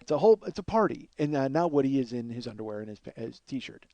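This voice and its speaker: A man telling a comic story from his youth in a rambling, animated way, full of fillers and acted-out quotes. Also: medium pitch, fast, dry recording, dull audio. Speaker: comedian host.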